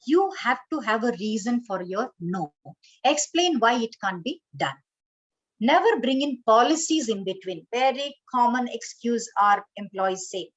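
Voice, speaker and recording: A woman's voice: fairly high pitch, animated, moderate pace, poor audio. A woman teaching an online training session, instructive, often saying "okay" and "you know". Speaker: corporate trainer.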